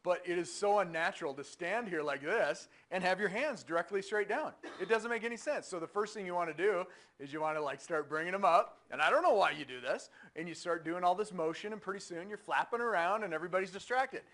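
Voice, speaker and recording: Speaking in a lecture hall to a university engineering class, a man keeps things conversational and energetic, firing questions at the students. His voice sits high and his pace is fairly quick.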